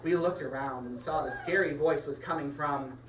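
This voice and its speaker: A woman reading a picture book aloud to children, playful and animated, chatting about the pages as she goes. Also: low-pitched, moderate pace, heavy background noise. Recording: echoey room from far off.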